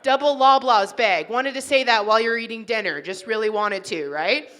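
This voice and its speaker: Woman stand-up from Toronto, higher, bright and punchy, chatty crowd work on a mic. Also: animated, a little fast. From Toronto, Canada. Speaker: stand-up comedian. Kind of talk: stand-up comedy set. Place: wedding reception hall.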